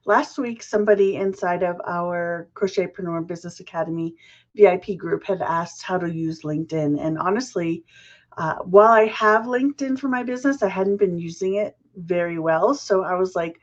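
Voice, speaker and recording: A woman hosting a casual business chat show, chatty and friendly, her voice a little rough from the early morning. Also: on the low side, normal speed, highs cut off. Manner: chatty, laughs at own slips. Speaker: podcast host.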